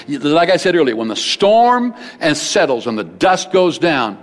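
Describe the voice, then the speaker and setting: Animated male pastor preaching in a reverberant hall. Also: on the high side, normal speed, hardly any pauses. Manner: animated preaching with sudden shifts between loud and hushed. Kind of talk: sermon. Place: large church building.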